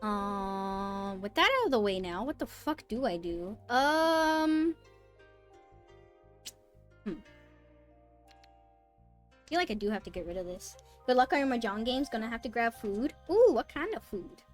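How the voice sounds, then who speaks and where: High-pitched girl streamer muttering n cursing over her game, faint music behind. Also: animated, a little slow, long pauses. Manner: swings from mumbled muttering to high yelps of disbelief, swears often. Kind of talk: casual live-stream chat while gaming. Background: faint background music.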